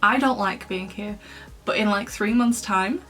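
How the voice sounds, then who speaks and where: A woman's voice: mid-range voice, measured pace, pushed and bright, soft background music. A woman voicing a weary male French prison governor who pleads with a prisoner, in a plain retelling voice. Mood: pleading.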